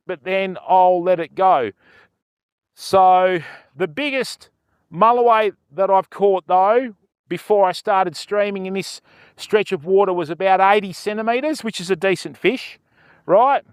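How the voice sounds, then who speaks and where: An older man with an Australian accent talks casually to his livestream viewers from a riverbank, peppering his talk with "mate". His voice sits high and sounds smooth and clear. The recording is dry and close. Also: no echo. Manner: chatty, greets viewers, fills talk with "mate" and "you know". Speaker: fishing livestreamer. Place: outdoors by a river.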